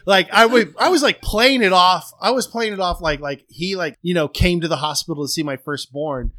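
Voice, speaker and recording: A man's voice: high voice, moderate pace, bright, forceful tone. A man co-hosting a podcast in casual chat, rambling and self-deprecating with lots of fillers, on a home microphone over a remote call. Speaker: podcast co-host.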